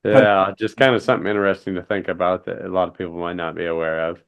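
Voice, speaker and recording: A man's voice: sits low, fairly even intonation, fast talker, gravelly, clean tone, lo-fi sound. A man hosting a podcast, easygoing and chatty with loose fillers. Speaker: podcast host. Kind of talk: casual conversation.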